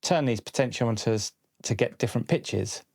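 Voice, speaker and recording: A man explaining a DIY synth build in a relaxed, tentative way, thinking aloud with small hesitations. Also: medium pitch, moderate pace, gravelly. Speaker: electronics video host. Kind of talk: casual hands-on explanation. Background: synth tones playing.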